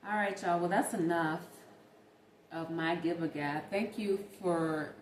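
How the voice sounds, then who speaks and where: With faint ambient noise in an echoey room, a young vlogger talks chattily and animatedly to her audience in a late-night video, calling them "y'all." Her voice is lowish and unhurried.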